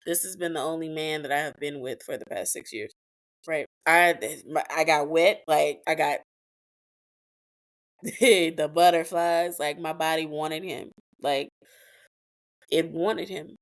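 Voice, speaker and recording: A woman's voice: low-pitched, steady tone, unhurried. A woman hosting a podcast, telling a personal story in a blunt, profane, emotional way with emphatic repetitions. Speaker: podcast host.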